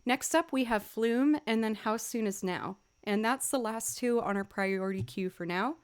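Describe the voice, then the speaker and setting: A young adult woman, a livestreaming musician, chatting casually with viewers and telling animated stories with laughs. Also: a little high, normal speed, clear, resonant tone. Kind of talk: casual chat with stream viewers.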